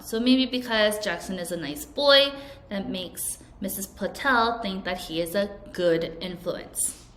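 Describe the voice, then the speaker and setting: Woman at mid pitch, a patient vocabulary teacher for a recorded children's lesson, slow and carefully enunciated, echoey room. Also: a bit bright. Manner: slow, clear, over-enunciated teaching delivery with repeat-after-me prompts.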